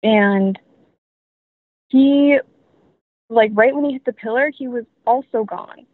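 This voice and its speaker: A woman's voice: fairly high pitch, slow pace, no room sound. A young woman telling her story as a guest, rambling with many fillers. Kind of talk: casual storytelling. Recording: tinny dry phone line.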